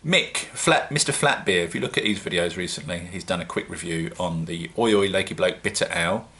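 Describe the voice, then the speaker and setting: A man with a British accent talks to his viewers in a loose, rambling vlog. His voice sits low yet comes across bright and forward, and he pokes fun at himself as he chats. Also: brisk. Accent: British English. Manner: chatty, rambling, self-mocking. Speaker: home-brewing vlogger. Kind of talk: casual solo vlog.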